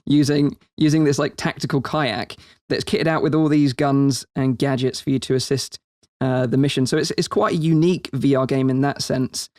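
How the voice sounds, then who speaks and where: A man's voice: medium pitch, steady tone, normal speed, a little mellow, dry recording. Eager male podcast host, dry sound. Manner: enthusiastic, loose questions. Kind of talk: casual interview chat.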